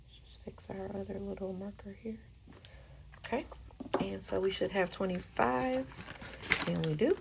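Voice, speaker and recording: A woman's voice: medium pitch, measured pace, gravelly, long pauses, background noise. A woman, chatting casually as she counts cash into envelopes in a budgeting vlog and talking straight to her viewers. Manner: chatty, counts bills aloud, addresses viewers as y'all. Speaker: budgeting vlogger.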